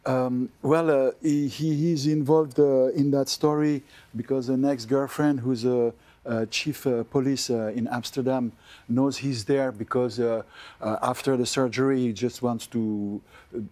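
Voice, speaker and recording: An older French-accented actor talks in a mellow, warm tone during a TV interview. He pauses often and fills the gaps with "uh" and "you know" while he gathers his thoughts. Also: mid-range voice. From France. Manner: hesitant, many fillers and restarts. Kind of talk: TV interview chat.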